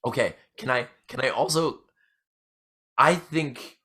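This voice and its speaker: A man's voice: mid-range voice, takes it slowly, bright, forceful tone. A man co-hosting a casual podcast, telling long rambling stories packed with fillers. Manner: rambling storyteller, heavy fillers like "like" and "you know". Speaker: podcast co-host. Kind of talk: casual chat.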